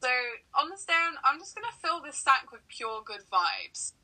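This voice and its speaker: Bright-voiced playful woman. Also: high voice, very animated, normal speed, low-quality recording. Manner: playful, jokey, rambling. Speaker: podcast co-host. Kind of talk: casual chat.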